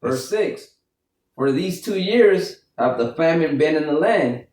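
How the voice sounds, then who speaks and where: Man reading scripture aloud, deliberate delivery, roomy echo. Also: fairly high pitch, expressive, a little mellow. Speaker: scripture reader.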